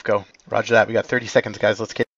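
A man's voice: lowish voice, little pitch movement, fast, a bit bright, no echo, lo-fi sound. A man commanding teammates over game voice chat in clipped, radio-style orders. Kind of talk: voice comms, giving orders.

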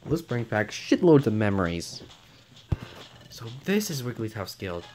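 A man's voice: lowish voice, sing-song, a little slow, a little mellow, a little hiss or hum. A young man commenting on a video game late at night at home, swearing often, stammering and reading dialogue aloud. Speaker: let's play commentator.

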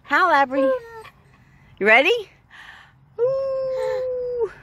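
A woman's voice: a little high, big pitch swings, slow pace, background noise. A woman filming at home on a handheld phone, talking baby-talk to her dogs and a small child in a cooing, coaxing voice. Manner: cooing, sing-song, coaxing. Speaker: dog owner filming her pets.

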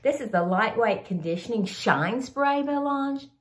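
A woman's voice: on the high side, animated, a little slow, echoey room. An older woman, chatting casually to camera about products she likes, a bit sniffly from a cold, rambling and calling viewers y'all. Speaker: vlogger sharing favorite products.

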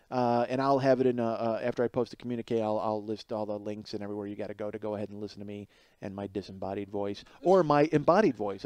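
A man in his forties hosting his own podcast, telling a rambling comic story that climbs higher and louder as he gets worked up. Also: no room sound. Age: 40s. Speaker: podcast host. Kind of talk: casual comedic monologue.

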